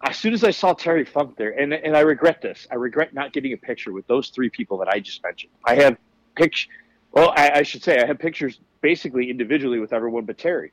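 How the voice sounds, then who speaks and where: Guesting on a podcast, a wrestler speaks fast in a mid-range voice, telling animated stories that are casual, candid, and profane. No echo is present, but the recording quality is low.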